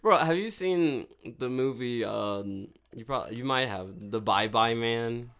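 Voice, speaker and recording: A young man co-hosting a podcast in casual chat, relaxed, laughing along and chiming in. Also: mid-range voice, measured pace, creaky, smooth. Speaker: podcast co-host.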